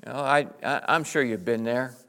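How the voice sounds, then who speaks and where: A middle-aged male pastor preaching with passion, swinging between loud exclamations and hushed, tender passages. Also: mid-range voice, normal speed. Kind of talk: sermon.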